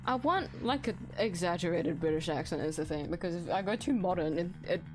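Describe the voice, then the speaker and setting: A woman streamer chatting casually over her gameplay, giggly and rambling, with the odd swear. Her pitch jumps around a great deal, and soft music plays faintly behind her. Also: animated, a little fast. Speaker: streamer playing a game. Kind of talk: casual let's-play commentary.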